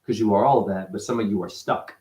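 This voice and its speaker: A man giving a rambling, profane spiritual monologue as a self-styled teacher, his voice jumping up and down in pitch. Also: fast, a little mellow. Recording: echoey room.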